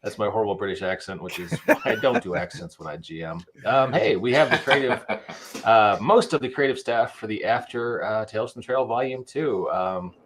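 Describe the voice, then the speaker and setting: A man's voice: mid-range voice, animated, a little fast, background noise. A man hosting a podcast, introducing guests in a jokey, casual way full of fillers. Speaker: podcast host.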